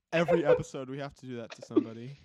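A man's voice: fairly high pitch, a bit bright. A man co-hosting a podcast over an online group call, teasing the others and swearing in casual banter. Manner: exclaiming, profane, teasing. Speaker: podcast co-host. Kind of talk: casual chat.

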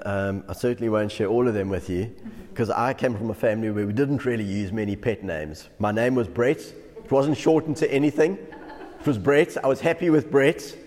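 A man's voice: mid-range voice, darkish tone. A man, a pastor giving a devotional sermon who often chuckles through his stories. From South Africa. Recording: long hall reverb.

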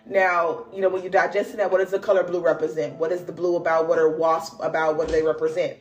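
Young woman, podcast host, casual storytelling, slangy, laughs a lot, animated exclamations. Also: lowish voice, quick pace. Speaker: podcast host and spiritual reader. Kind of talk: casual storytelling and card reading.

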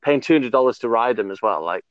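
A man's voice: medium pitch, animated, fast, dry recording. A man hosting a casual chat, rambling through a story with fillers, swearing and frequent laughs. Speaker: podcast host. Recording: dull lo-fi recording.

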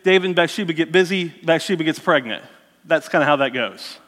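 Man, high voice, sermon storytelling, animated character voices, long hall reverb. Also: brisk. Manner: animated, voices the characters, self-mocking asides.

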